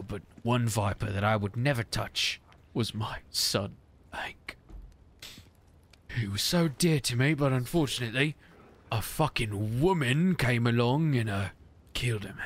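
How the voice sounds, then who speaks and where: A man's voice: medium pitch, measured pace. A man joking along in gaming commentary, playing out silly bits.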